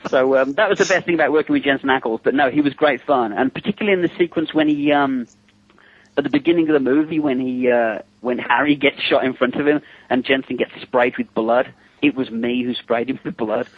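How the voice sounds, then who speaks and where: A man's voice: mid-range voice, a little fast, breathy edge, no room sound. English man telling stories down a phone line. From England. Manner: lively anecdotes, acts out quotes, laughs often. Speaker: guest, special effects makeup artist. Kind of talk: casual phone interview storytelling. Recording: tinny phone line, dry.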